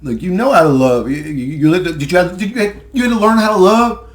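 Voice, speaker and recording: Young man, high voice, rambling profane monologue, sarcastic and heated. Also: fairly quick. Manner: heated, profane, sarcastic, laughs mid-sentence. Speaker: conspiracy video ranter.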